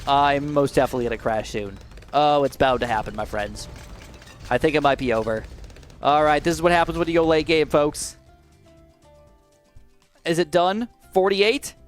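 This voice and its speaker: A young man commentating his gameplay, swinging between low mutters and high, alarmed shouts. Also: normal speed, pauses often, soft background music. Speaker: gaming commentator.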